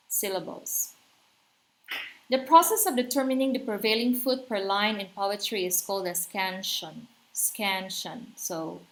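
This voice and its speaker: Woman teacher going over poetry terms, slow and steady, asks the class little questions. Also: mid-range voice. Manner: explanatory, asks rhetorical questions. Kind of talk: literature lecture.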